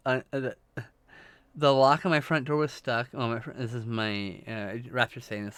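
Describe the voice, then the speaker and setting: A man's voice: medium pitch, fairly even intonation, moderate pace, fairly bright tone, clear, resonant tone, no room sound. A man hosting a livestream, telling a rambling, profane anecdote in casual chat, full of restarts and swearing. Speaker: livestream host.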